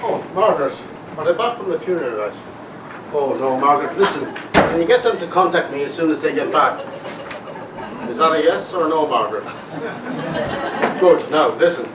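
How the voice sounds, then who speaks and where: Brief: actor as a puzzled Irish doctor, lively voice, far off in an echoey, noisy hall. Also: male voice, a little high, moderate pace, pauses often, lightly acted. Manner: coaxing, guessing aloud. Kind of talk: amateur stage comedy acting. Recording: echoey hall, distant, loud noise.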